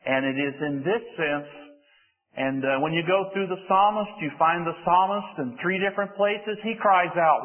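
High, lively preacher in a reverberant hall. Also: male voice, normal speed. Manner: earnest, rises in pitch for emphasis. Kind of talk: sermon. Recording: phone-like sound with long hall reverb.

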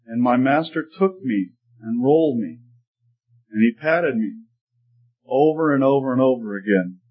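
A man's voice: medium pitch, lively intonation, measured pace, slightly rough. A man voicing a talking teacup that was once clay, telling its story in an earnest, pleading way. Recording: slightly muffled recording.

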